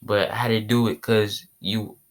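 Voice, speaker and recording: A man's voice: fairly low pitch, level tone, normal speed, lightly acted. A man voicing a secretive, stubborn mother in an anime story, speaking matter-of-factly. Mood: explaining.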